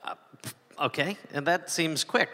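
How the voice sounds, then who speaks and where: A man co-hosting a live comedy podcast, riffing on the story with quick jokes and asides, recorded live in a venue. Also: on the high side, sharp tone. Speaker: podcast co-host. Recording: live venue with hall reverb.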